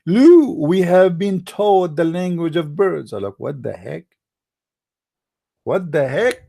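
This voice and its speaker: An actor playing a boastful, rambling mock preacher with an Arabic accent, in a satirical livestream monologue. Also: male voice, a little high, lively intonation, takes it slowly, creaky, warm tone, full character voice. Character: mock-pompous self-styled male preacher, middle-aged.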